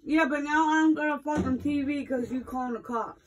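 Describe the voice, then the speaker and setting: A woman's voice: high-pitched, normal speed, recorded from a distance, heavy background noise. A woman arguing in an angry, profane, threatening way. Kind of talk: heated argument.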